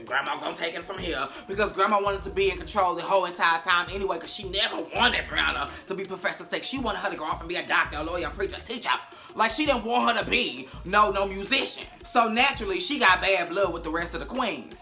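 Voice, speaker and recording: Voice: mid-range voice, fast talker, bright, forceful tone, soft background music. A vlogger doing a casual, sassy and profane recap of a TV episode, acting out the characters' lines.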